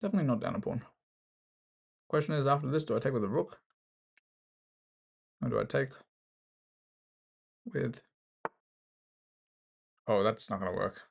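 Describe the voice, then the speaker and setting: Mid-range, gravelly and slightly rough, his expressive voice moves at a moderate pace and stops often. He's an Australian chess streamer giving relaxed commentary over online games, joking, thinking aloud and ribbing himself.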